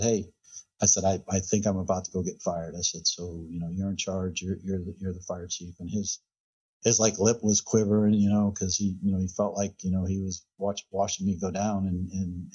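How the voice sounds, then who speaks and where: A man, a fire chief and podcast guest, recounting a past incident in a relaxed storytelling way, often repeating words and quoting others. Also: low voice, husky, highs cut off.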